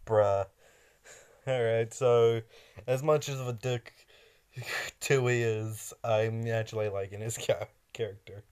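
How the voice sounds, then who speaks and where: A man commenting casually on a cartoon in a reaction video, pausing often and laughing along. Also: medium pitch, steady tone, darkish tone, clean tone.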